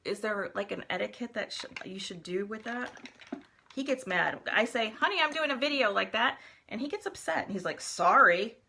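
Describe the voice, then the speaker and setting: A woman's voice: mid-range voice, lively intonation, normal speed, gravelly, pushed and bright, a little hiss or hum. A middle-aged woman chatting casually with her viewers during a live makeup tutorial, talking them through each step. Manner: chatty, talks to viewers while applying makeup. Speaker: makeup vlogger.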